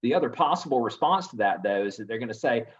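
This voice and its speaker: A man's voice: medium pitch, lively intonation, fast, breathy edge. A man hosting a real estate coaching webinar, teaching sales scripts and acting out buyer replies with animation. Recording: dull lo-fi audio.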